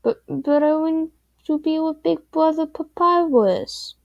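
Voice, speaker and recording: A woman's voice: high voice, slow pace, vocal fry, no room sound, dull audio, voice pushed up, heavily acted. Woman doing a small pleading child. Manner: pleading, whiny. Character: small child clinging to big brother.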